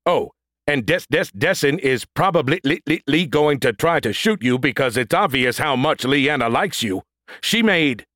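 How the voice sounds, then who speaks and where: A man's voice: medium pitch, sing-song, unhurried, a bit bright, dry recording, clean studio sound, pitched above the performer's own voice. A man voicing a boastful, sulky male combat robot who stutters as he glitches, in an audiobook. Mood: indignant. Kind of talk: audiobook character voice.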